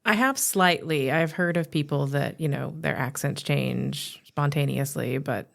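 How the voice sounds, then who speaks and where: A woman's voice: low voice, measured pace, vocal fry. A woman co-hosting a podcast, tossing in dry joking asides and questions. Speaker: podcast co-host. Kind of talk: casual chat.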